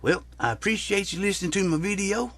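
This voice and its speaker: A man's voice: high voice, fast talker, fairly bright tone, no echo. A man delivers a rambling, profane, folksy rant as a comic vlogger. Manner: rambling, profane, drawling storyteller.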